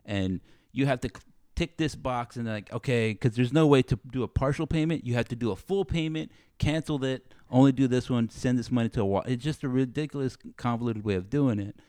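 A man ranting in a casual chat, switching into the voices of the people he quotes. His mid-pitched voice sits close and dry, with no room sound around it. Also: a little fast, hardly any pauses, mellow, clean tone, dry recording. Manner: ranting, acts out both sides of arguments. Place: studio under bright lights.

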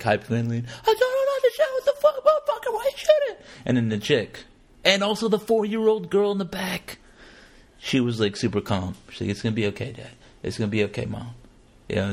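A man talking casually as a podcast host, animated and profane, acting out quotes in exaggerated voices. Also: lowish voice. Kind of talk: casual conversational commentary.

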